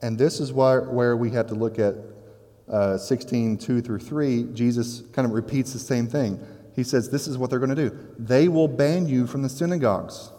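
A man preaching a sermon in a conversational, animated way, with casual asides to his listeners. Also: mid-range voice, normal speed, long reverb tail. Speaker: pastor.

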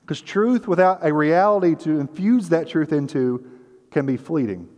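Preaching in a church sanctuary that gives a long hall reverb, a pastor with a rather high, darkish voice sounds earnest and conversational. At points he acts out the voices of people in his story.

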